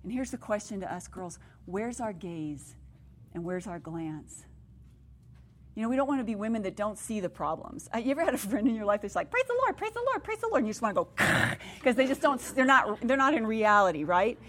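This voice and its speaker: Animated woman preaching to women. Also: medium pitch, brisk. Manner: warm, conversational and animated, laughing at her own stories. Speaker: women's ministry speaker. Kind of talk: sermon.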